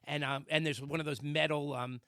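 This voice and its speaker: A man co-hosting a talk radio show, telling a comic story with sound effects and shouted quotes. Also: a little high, fairly even intonation, fairly quick, clean tone, no room sound, studio quality. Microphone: studio microphone.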